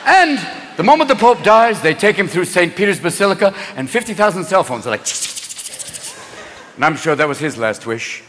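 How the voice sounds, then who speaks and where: A man's voice: high voice, sing-song, a little fast, slight background noise. A male stand-up comedian performing a manic routine live, jumping in and out of wild character voices. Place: large theater stage. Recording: live show, hall reverb, loud crowd.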